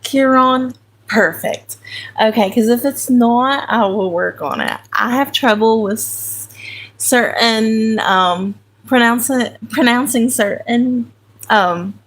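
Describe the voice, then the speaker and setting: Country woman host, relaxed unhurried live chat, a touch of vocal fry. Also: medium pitch. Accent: American country. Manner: chatty, talks to viewers by name, self-correcting. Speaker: livestream host. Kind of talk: casual live chat while sorting crayons.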